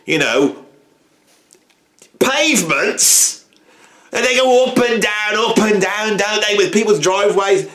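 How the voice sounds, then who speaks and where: A high, wildly swinging voice belongs to a blustering grump on a furious rant, as a man puts him on. He swears and fumes, his pitch leaping all over the place. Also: a bit bright, echoey room. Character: furious grumpy middle-aged English man ranting.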